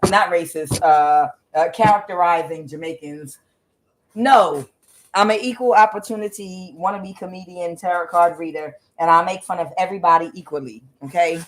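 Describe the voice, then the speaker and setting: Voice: medium pitch, moderate pace, a bit bright. A tarot card reader giving a casual, rambling reading, with many fillers and blunt asides.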